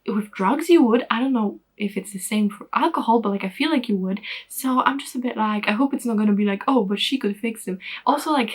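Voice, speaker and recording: A woman's voice: on the high side, breathy edge. A woman giving a casual, rambling spoiler recap of a book in a vlog, full of fillers and the odd swear word. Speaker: book vlogger.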